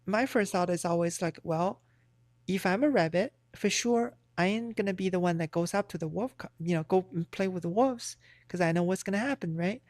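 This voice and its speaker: A woman's voice: lowish voice, a little fast, a little mellow, dry recording, clean studio sound. A woman livestreamer in casual chat, giving blunt, profane, rambling opinions.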